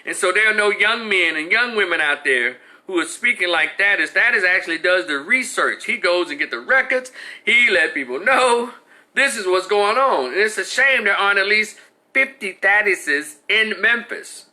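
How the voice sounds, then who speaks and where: A man hosting a live stream, giving casual, animated commentary with frequent restarts and answering viewers in the chat. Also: sits high, moderate pace.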